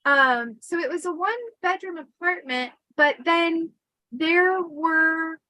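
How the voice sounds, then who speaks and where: Woman, livestream host, casual storytelling, high voice, dry close sound. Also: slow, dry recording, poor audio. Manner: chatty, animated, many fillers.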